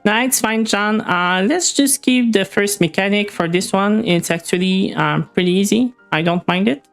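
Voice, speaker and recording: A young woman from Quebec with a Quebec French accent, chatting casually with her stream, often pausing on "uh" and "um". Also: mid-range voice, faint music behind. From Quebec, Canada. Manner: hesitant, many "uh" and "um" fillers. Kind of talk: casual chat with live chat while gaming.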